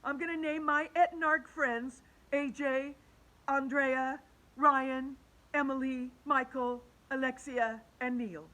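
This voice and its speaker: Lady doing a sweet alien teacher guy from a storybook, earnest, kinda bright. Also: sits high, fairly even intonation, slow pace, pitched above the performer's own voice, exaggerated voice, rough recording. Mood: tender. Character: gentle kindly male alien teacher.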